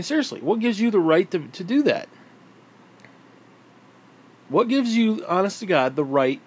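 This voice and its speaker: A man's voice: on the high side, breathy edge. Angry, profane man ranting. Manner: heated, profane, exasperated. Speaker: vlogger. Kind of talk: angry political rant.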